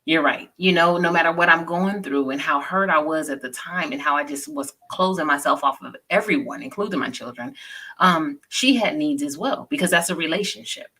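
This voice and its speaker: Low-voiced earnest woman in her forties. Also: fairly quick, pushed and bright, breathy edge. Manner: earnest, personal storytelling with many "you know"s. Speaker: guest. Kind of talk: casual chat.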